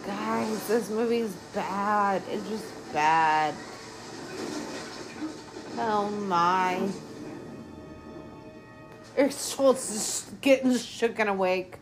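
A woman's voice: medium pitch, drawn-out words, pauses often, over music. A woman hosting a podcast, giving casual, exasperated commentary on a movie as she watches it, swearing often. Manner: lively, exasperated, heavy swearing. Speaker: podcast host.

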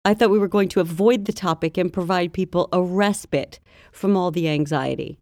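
A skeptical woman in casual podcast chat, her voice lowish for a woman and recorded close in a dry room. She talks in a plain, matter-of-fact way with a dry edge. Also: normal speed, darkish tone, no echo. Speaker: podcast co-host.

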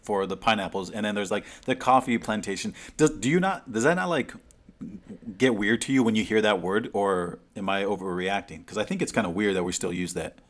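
Rambling low-voiced man on a podcast. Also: a little fast. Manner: rambling, animated storyteller with frequent restarts and fillers. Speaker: podcast co-host. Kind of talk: casual chat. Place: remote call. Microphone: remote call mic.

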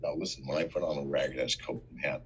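A man telling a story in a casual interview, animated and full of profanity. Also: a bass voice, quick pace, dull audio, slight background noise. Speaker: interview guest.

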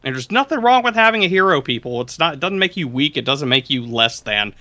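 Man reading questions aloud in casual chat, bright tone, dry close sound. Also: a little high, big pitch swings, brisk, no room sound. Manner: reads odd questions aloud, then chats about them.

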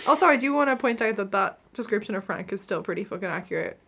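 A young woman, co-hosting a comedy podcast and teasing her friend with wry, quick comments. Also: mid-range voice, lively intonation, noisy background. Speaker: podcast co-host. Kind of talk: casual comedic chat.

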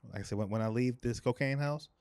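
A man's voice: mid-range voice, fast, darkish tone, clean tone, no room sound. A man, a comedian guest on a podcast, chatting casually and reflectively, joking and often repeating his words.

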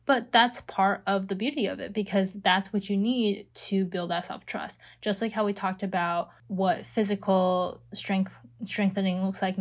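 A woman life coach giving a casual self-help monologue, often using "like", "you know" and "right?". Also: mid-range voice. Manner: casual, full of "like" and "right?" fillers.

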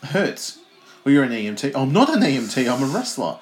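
A man co-hosting a casual wrestling watch-along podcast, joking and acting out the wrestlers in quick put-on shouts. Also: mid-range voice, big pitch swings, slight background noise. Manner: jokey, acts out wrestlers in loud put-on shouts. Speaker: podcast co-host.

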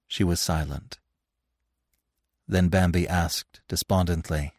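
A man hosting a podcast and giving a measured, expressive reading of a classic story. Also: low-pitched, no room sound, clean studio sound. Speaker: audiobook narrator and podcast host. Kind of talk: scripted audiobook narration.

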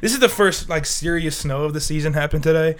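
A young man chats loosely into a desk mic as a podcast co-host, cursing freely and laughing between thoughts. His voice sits a little high and rings bright and forward. He sounds a bit under the weather. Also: quick pace. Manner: profane, joking, laughs often. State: sick. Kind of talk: casual chat.

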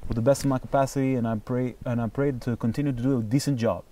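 A man speaking as an interview guest, telling stories in an animated, emphatic way and swearing freely. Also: mid-range voice, fast, distant mic. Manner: animated, profane, emphatic storyteller. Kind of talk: casual conversation.

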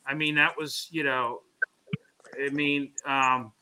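A man's voice: medium pitch, flat delivery, slow, sharp tone. A man co-hosting a hockey talk show, telling long stories in casual chat, full of "you know" fillers. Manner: rambling storyteller, many "you know" fillers.

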